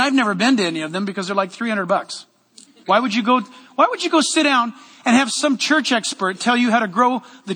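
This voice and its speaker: A pastor with a strikingly high, bright voice preaches with loud energy in a church sanctuary, tossing joking asides to the congregation. His words ring out with a long reverb in the hall. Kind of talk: sermon.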